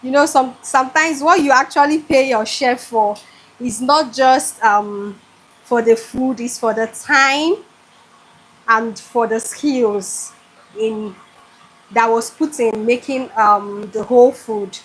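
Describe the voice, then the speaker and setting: Slow and husky, with a voice on the high side, a Nigerian cooking show host streams live from her kitchen at home. She gushes directly to her viewers as a generator hums in the background.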